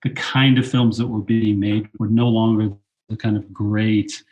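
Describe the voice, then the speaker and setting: A man's voice: lowish voice, measured pace. An older man telling film-set stories in an interview, acting out his own past lines in a raised voice. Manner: animated anecdotes, quotes himself in a raised voice. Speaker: guest, film director and teacher. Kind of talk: storytelling interview.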